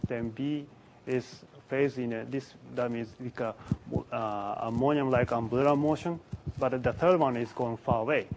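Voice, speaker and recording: A man giving a conference lecture on physics in a symposium room, speaking haltingly with many restarts and pauses. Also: medium pitch, background noise.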